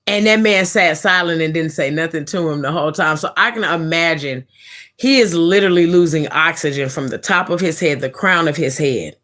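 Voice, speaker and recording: A woman live streamer casually telling a story in a blunt, profane, animated way. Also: deep voice, a little fast.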